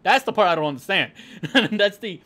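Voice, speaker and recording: A young man chats over his game stream, ranting and laughing with plenty of swearing. His voice sits high and bright, and it leaps around constantly as he gets worked up. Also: lively intonation, brisk. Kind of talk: casual gaming stream chat.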